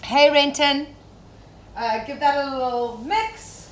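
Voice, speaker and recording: A young woman from Zimbabwe cooks live for her viewers, chatting easily and greeting them by name. Her voice sits a little high. The sound is roomy, an echoey home kitchen with a faint hum of ambience behind her. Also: slow pace, fairly bright tone. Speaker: safari cook. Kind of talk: live-streamed cooking demonstration.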